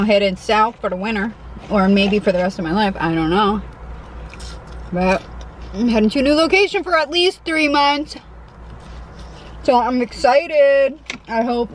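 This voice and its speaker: A woman's voice: mid-range voice, slight background noise, low-quality recording. Chatty woman eating in a parked car. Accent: Connecticut. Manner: chatty and self-deprecating, eating between remarks. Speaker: mukbang vlogger. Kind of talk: casual eating vlog chat.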